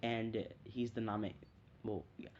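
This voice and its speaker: A man's voice: lowish voice, fairly even intonation, slow pace, a little mellow. A man casually retelling a fan story, rambling and hesitant, often stopping to correct himself. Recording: dull lo-fi home recording.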